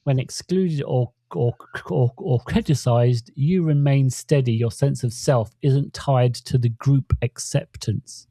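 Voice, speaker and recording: A man co-hosting a podcast, reading out points in a casual chat, with halting restarts. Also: mid-range voice, dark tone, dry recording. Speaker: podcast co-host.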